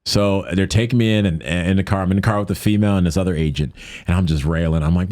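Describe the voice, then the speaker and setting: A man telling a story casually as a guest, animated, acting out quotes in a higher voice. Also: fast, no echo.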